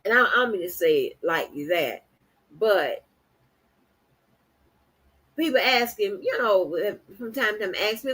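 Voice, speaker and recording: A woman's voice: medium pitch, expressive, unhurried, long pauses, a bit bright, slightly rough. A woman hosting a livestream, talking bluntly and defiantly with heavy profanity and repeated words. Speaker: channel host. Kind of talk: livestream rant.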